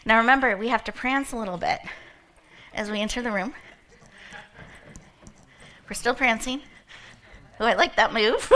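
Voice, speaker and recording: Woman, motivational speaker, playful storytelling, fairly high voice, bright forceful tone. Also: moderate pace, long pauses, slight background noise. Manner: playful storytelling, laughing often. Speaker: motivational speaker opening an event. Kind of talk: inspirational talk to a live audience.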